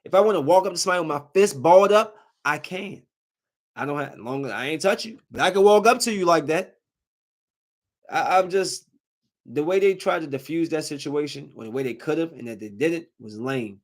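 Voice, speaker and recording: A man hosting a podcast, ranting heatedly in casual speech, his voice climbing toward a shout as he gets angry. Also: fairly high pitch, expressive, fairly quick. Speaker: podcast host.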